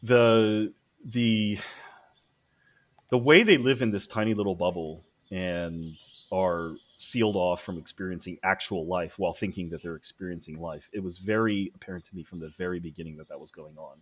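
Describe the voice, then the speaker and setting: A man in casual conversation, telling work stories in an animated way, acting out quotes and swearing freely. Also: sits low, normal speed, breathy edge. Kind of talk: casual chat.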